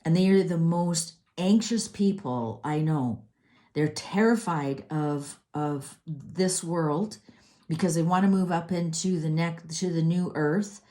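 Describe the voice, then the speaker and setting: A woman's voice: deep voice, slow pace, dark tone. A middle-aged woman doing a tarot reading, ranting in a heated, exasperated way with many restarts. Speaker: tarot reader.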